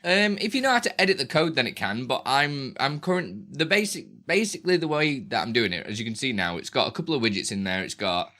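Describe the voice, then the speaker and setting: A man's voice: mid-range voice, sing-song, fast talker, hardly any pauses, bright, forceful tone. A British man chatting casually on a live stream from his small home room at a close desk mic. He is playful and laughs often, and slips into sing-song baby talk. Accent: British English. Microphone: desk microphone close up.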